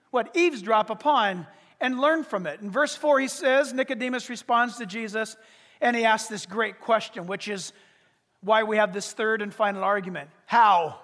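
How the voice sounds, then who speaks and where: A pastor preaching a sermon in an emphatic way, with rhetorical questions and numbered points. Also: male voice, very high voice, fairly bright tone. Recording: long reverb of a large hall.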